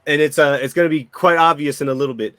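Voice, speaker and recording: Young male dungeon master, loose and rambling, higher voice, dry recording. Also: fairly even intonation, fast, fairly bright tone, no room sound. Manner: rambling, repeats and restarts while describing. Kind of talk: narrating a tabletop game.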